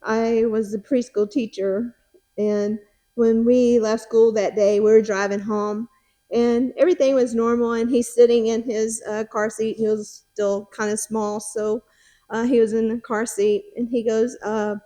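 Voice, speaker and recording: A middle-aged woman tells a personal story slowly and gently. Her voice sits a little high, and she takes her time, with a soft, easy delivery. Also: fairly even intonation. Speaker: missionary, former preschool teacher. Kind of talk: casual storytelling.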